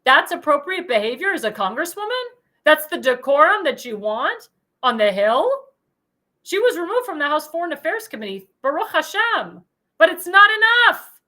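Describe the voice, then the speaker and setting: Woman, commentary host, high bright voice, indignant and emphatic, repeats lines. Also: big pitch swings, normal speed. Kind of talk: political commentary show monologue.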